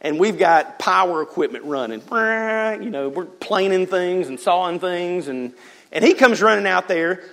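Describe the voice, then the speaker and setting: A man preaching a sermon in a relaxed, conversational way, with a voice that sits a bit higher than most men's. He tells stories with lively energy, throws in joking asides and often restarts a phrase mid-sentence. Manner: animated storyteller with joking asides and quick restarts. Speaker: pastor. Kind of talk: conversational sermon with personal storytelling.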